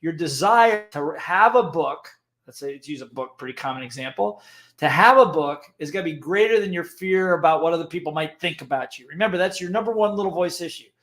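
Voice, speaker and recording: High-voiced man coaching a live audience. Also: animated, fairly quick, fairly bright tone. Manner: repeats key points, frequent "okay?" check-ins. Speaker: motivational coach. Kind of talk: live-streamed motivational lesson.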